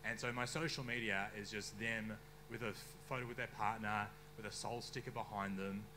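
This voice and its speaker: A young man with an Australian accent doing a stand-up comedy set on a bar stage, deadpan with sudden outbursts. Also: lowish voice, a little fast, noisy background. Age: young adult. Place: bar stage before a live crowd.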